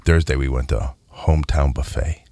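Deep-voiced man joking around. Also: normal speed. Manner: joking, deadpan asides. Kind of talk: casual chat.

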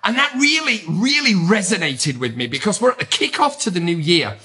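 A middle-aged man with a British accent hosting a podcast, talking in an energetic, emphatic, upbeat way. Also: high-pitched, brisk. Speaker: podcast host. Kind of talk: motivational podcast monologue.

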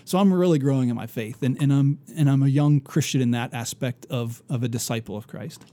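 A man with a warm, mellow voice tells a story on a casual faith podcast, speaking earnestly. He restarts his sentences often and lets some asides trail off quietly. The sound is dry and close. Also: mid-range voice, brisk, no echo. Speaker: podcast co-host.

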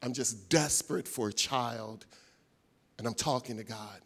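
A man voicing a desperate childless woman, quiet and low in a sermon story. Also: a little slow. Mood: pleading.

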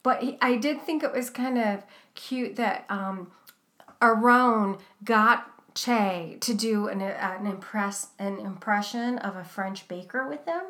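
A woman's voice: medium pitch, takes it slowly, fairly bright tone. A woman co-hosting a podcast, chatting casually and recapping a TV cooking show, with many fillers and restarts. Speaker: podcast co-host.

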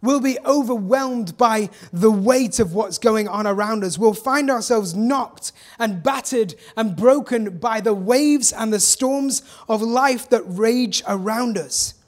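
A man with an English accent, a pastor delivering an earnest, emphatic sermon in church with dramatic pauses. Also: high-pitched. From England.

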